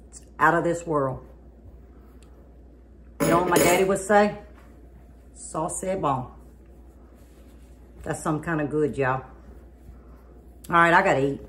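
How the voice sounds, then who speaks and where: A woman with a somewhat low-pitched voice, chatting folksy to her viewers as she cooks. She talks in a homey way while she works at the stove in her home kitchen. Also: measured pace, pauses often, a little hiss or hum. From southern United States. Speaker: home cooking vlogger. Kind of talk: casual cooking demonstration.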